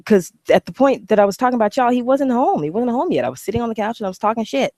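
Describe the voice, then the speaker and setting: A woman's voice: fairly high pitch, lively intonation, very fast, mellow, no room sound, studio quality. A woman vlogging to camera, talking bluntly and animatedly, swearing freely. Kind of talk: casual talking-head vlog.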